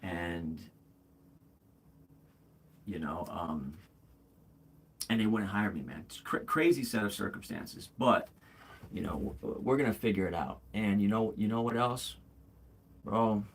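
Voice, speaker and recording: Husky and on the low side, this man in his forties hosts a casual livestream at a measured pace with long pauses. He talks candidly and rambles, restarting often, using fillers, and calling viewers "bro" and "man."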